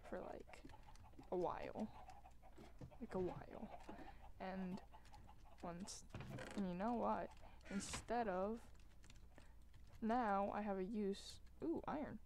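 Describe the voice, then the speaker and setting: Girl gamer rambling into her mic while she plays, self-mocking, gets loud and dramatic fast. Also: mid-range voice, gravelly, background noise. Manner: excitable, self-mocking, bursts into loud exclamations. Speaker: gaming video host. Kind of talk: casual gameplay commentary. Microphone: desk microphone while gaming.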